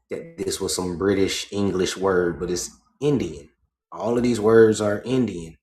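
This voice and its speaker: Slow, low-voiced man reading aloud. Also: darkish tone, echoey room. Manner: reads slowly, stops to explain and asks "right?". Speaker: livestream host. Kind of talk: reading a book aloud with commentary.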